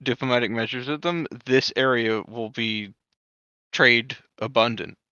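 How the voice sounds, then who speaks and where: Male player, bright and smooth voice, halting with restarts. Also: medium pitch, dry recording, lo-fi sound. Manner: halting, restarts, trips over words. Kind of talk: casual game table chat.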